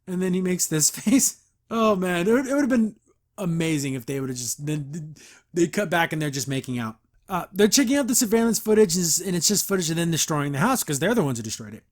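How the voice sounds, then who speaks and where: A male podcast host talks through a cartoon episode in a loose, casual recap. He keeps breaking off into mocking, disbelieving asides about what happens. His voice sits a little on the high side. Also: very animated, brisk. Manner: mocking, incredulous asides with chuckles.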